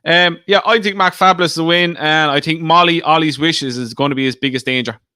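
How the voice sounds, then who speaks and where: A man's voice: on the high side, steady tone, fairly quick, bright, forceful tone, clear, resonant tone, dry recording, studio quality. A man co-hosting a podcast, chatting casually about betting and teasing his co-host. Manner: teasing, banters.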